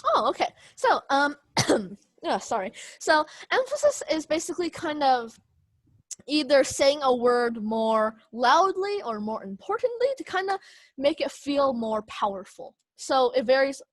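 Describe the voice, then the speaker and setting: A young woman leads a youth speech class on a video call, her voice a bit high and dry, close to the mic. She hedges constantly with fillers and little laughs as she explains things. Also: sing-song, unhurried, no echo. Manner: hesitant, many ums and kind-ofs, laughs often. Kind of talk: online class teaching.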